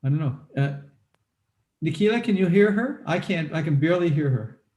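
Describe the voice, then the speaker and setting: A man's voice: fairly high pitch, animated, brisk, darkish tone. Man on a video call, echoey room. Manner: polite, checking audio with others. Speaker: webinar presenter. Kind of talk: live video call talk.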